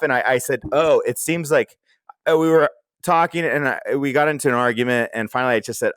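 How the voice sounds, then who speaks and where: A man's voice: medium pitch, fast, dry recording. A man co-hosting a crude comedy podcast, rambling and swearing as he acts out what his friends said. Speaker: podcast co-host. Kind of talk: crude casual chat.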